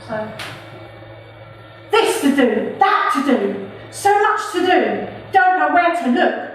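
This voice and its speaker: Recorded from a distance in an echoey room with slight background noise, a woman performs her own poems live. Her voice sits high with big pitch swings and a slow pace, and she's chatty and playful between pieces.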